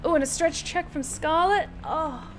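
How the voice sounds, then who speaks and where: Lady streaming a game, chatty and excitable, talks thru every choice. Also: high voice, moderate pace, soft background music. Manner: chatty, excitable, thinking aloud. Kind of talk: live game commentary.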